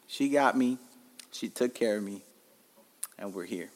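A male podcast host with a lowish voice tells stories in a casual, unhurried monologue. He's profane and animated, acting out the quotes in his stories.

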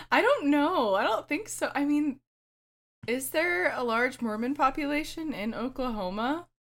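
Slow-talking, easygoing woman co-host. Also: high-pitched, animated, a bit bright. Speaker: podcast co-host. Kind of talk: casual book-critique chat.

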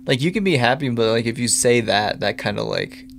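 A man's voice: mid-range voice, animated, fairly quick, vocal fry. A man co-hosting a casual podcast, adding short remarks and agreeing during a movie recap. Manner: laid-back, short agreeing replies. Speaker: podcast co-host.

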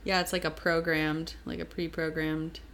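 A woman's voice: deep voice, level tone, moderate pace, a bit bright, slight background noise. A young woman co-hosting a podcast in casual chat, bubbly and full of fillers. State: pregnant, hiccups. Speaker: podcast co-host.

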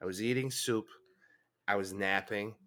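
Brief: young male sports podcast co-host, bright tone, emphatic and profane, getting over a chest cold. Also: lowish voice, normal speed. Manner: animated, swearing, emphatic. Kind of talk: casual sports chat.

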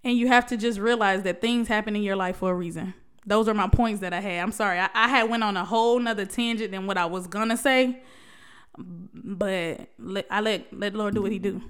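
A young woman vlogger speaks candidly to the camera about her life and faith, her mid-range voice smooth, a bit bright, and a little fast. Emotional and testifying, she laughs often and restarts her sentences many times.

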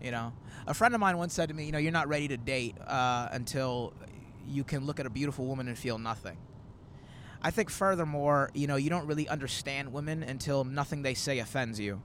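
A young man in his twenties chats loosely from inside a moving car. He tells stories in a rambling, animated way and slips into quoted asides, his pitch sitting in an ordinary middle range. A faint road rumble runs underneath. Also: a little fast. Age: 20s. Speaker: comedian hosting a road-trip podcast. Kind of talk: casual chat.

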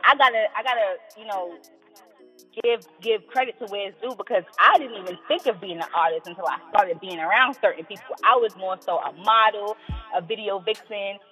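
A young adult woman from New York with a New York accent, a rapper talking casually in an interview with lively, slangy, singsong delivery. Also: medium pitch, fairly quick, slightly rough, faint music behind, poor audio. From South Jamaica, Queens, New York. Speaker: rapper guest.

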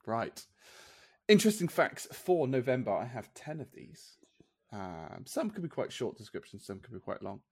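A man's voice: medium pitch, very animated, normal speed, gravelly, husky, dry recording. A man co-hosting a podcast, chatting casually and rambling with restarts and laughs. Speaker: podcast co-host. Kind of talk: casual chat.

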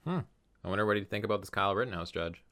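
A man's voice: lowish voice, very fast, fairly bright tone, no room sound, studio quality. A man in casual chat who swears freely and reads articles aloud.

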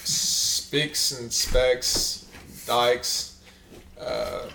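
A man co-hosting a podcast in casual chat, rambling and joking, with a loud fake laugh. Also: medium pitch, measured pace, reverberant, a little hiss or hum. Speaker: podcast co-host.

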